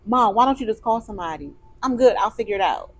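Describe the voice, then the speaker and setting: A woman co-hosting a podcast in casual chat, telling stories with animated, expressive delivery. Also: on the high side, fast. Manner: animated storytelling, turns emotional. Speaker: podcast co-host.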